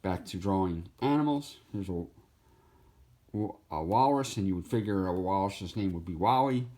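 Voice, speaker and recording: A man's voice: low-pitched, lively intonation, normal speed, warm tone. A man casually walking through his sketchbook, easygoing and laughing at his own jokes. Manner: easygoing, laughs, jumps into goofy voices. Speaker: artist showing his sketchbook.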